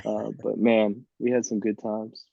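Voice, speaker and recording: Mellow man in his thirties, animated storyteller. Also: lowish voice, a little slow, vocal fry, dry recording, lo-fi sound. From Miami. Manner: lively, laughing anecdotes with quoted voices. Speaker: guest, former college baseball player. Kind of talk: casual storytelling on a podcast.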